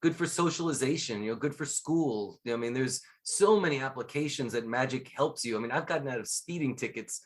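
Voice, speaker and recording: Lively storytelling man, podcast guest. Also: medium pitch, brisk, few pauses. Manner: lively storyteller, laughs often. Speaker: guest, scuba instructor and magician. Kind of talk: casual interview chat.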